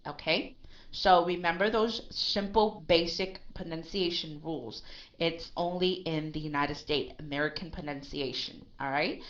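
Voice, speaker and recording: A woman's voice: low-pitched, a bit bright, highs cut off. A woman teaching pronunciation in a live lesson, patiently correcting a learner and often checking in with "okay?" and "right?".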